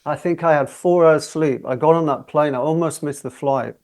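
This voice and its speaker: A man in his sixties, a guest singer telling stories in a relaxed interview, chatty and often laughing as he talks. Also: a little high, normal speed. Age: 60s.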